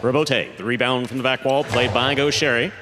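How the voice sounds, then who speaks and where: Man announcing in a reverberant arena. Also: fairly even intonation. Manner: drawn-out booming name calls during introductions; quick, lower play-by-play calls. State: out of breath after introductions. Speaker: arena announcer and play-by-play commentator. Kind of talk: player introductions and sports commentary. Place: indoor jai-alai fronton. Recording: long hall reverb, faint arena noise.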